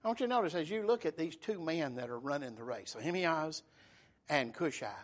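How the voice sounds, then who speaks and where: A male preacher with a slightly high voice delivers a sermon in a folksy, conversational way. He repeats his words as he goes and moves between loud, stressed phrases and quiet, hushed ones. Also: lively intonation, brisk.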